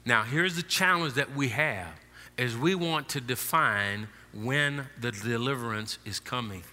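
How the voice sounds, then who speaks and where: Middle-aged male pastor, bright high voice, preaching in a church hall with long reverb, hushed to shouting. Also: a little slow. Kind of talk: sermon. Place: church sanctuary.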